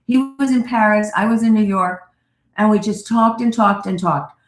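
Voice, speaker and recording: A woman therapist telling a lively personal story as a radio guest, acting out the voices of the people she quotes. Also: mid-range voice, moderate pace, echoey room. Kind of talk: animated storytelling in an interview.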